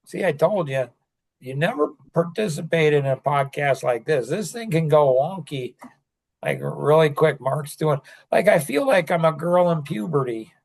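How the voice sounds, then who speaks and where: A man's voice: fairly high pitch, animated, normal speed, gravelly, a little mellow. Older man rambling in casual chat. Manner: rambling, filler-heavy, with many restarts. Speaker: podcast host.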